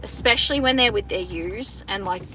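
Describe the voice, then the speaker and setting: Speaking in a mid-range voice at a moderate pace, this young Australian woman sounds pushed and bright as she chats casually with her livestream viewers. She's in a car on a farm, recording on her phone's front camera, swearing a lot and restarting her sentences, with slight noise behind her.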